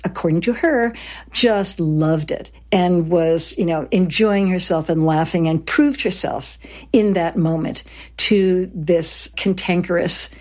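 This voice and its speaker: A woman's voice: on the low side, a little mellow. Chatty woman co-hosting a history podcast. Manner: chatty, with fillers and asides. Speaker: podcast co-host. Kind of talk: conversational history storytelling.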